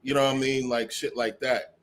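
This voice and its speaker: A man's voice: medium pitch, flat delivery, brisk, fairly bright tone. A man co-hosting a casual chat, explaining things in a laid-back way. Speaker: podcast co-host.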